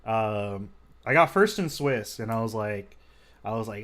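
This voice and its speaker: A man casually commentating a card game match, relaxed and chatty with lots of fillers. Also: lowish voice, measured pace.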